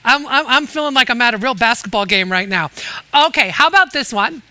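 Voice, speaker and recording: A woman's voice: a little high, lively intonation, fairly quick, bright, forceful tone. A woman co-hosting a charity auction, reading out item packages in a bubbly, enthusiastic way. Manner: bubbly, enthusiastic, a little breathless. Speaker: event co-host.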